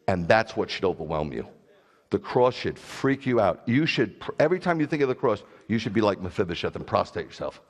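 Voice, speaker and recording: A man's voice: on the low side, big pitch swings, brisk, in a large hall. A middle-aged man preaching a sermon as a rabbi, talking animatedly and putting direct questions to his congregation. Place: congregation hall.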